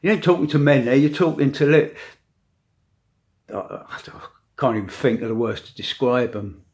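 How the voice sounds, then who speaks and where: An older man with grandchildren giving a preachy opinion rant to camera, with dramatic pauses and emphatic repetition. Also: medium pitch, lively intonation, darkish tone. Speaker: vlogger.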